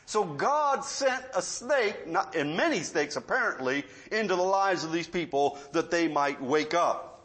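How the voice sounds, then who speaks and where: A middle-aged man preaching a sermon, telling homespun stories and swinging from loud emphasis to quiet asides. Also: a little high, expressive, measured pace, few pauses. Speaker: pastor.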